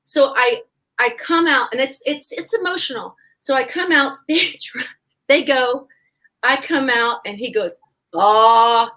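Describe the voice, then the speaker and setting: Animated woman telling a stage story. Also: high-pitched, a little slow, rough recording. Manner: animated, acts out voices in her stories. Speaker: stage actress. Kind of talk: storytelling in a live online chat.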